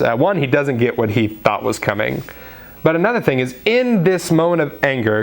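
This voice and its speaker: A man's voice: medium pitch, vocal fry. A man giving a daily devotional sermon in a conversational way, with fillers, acting out quoted voices now and then. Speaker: preacher.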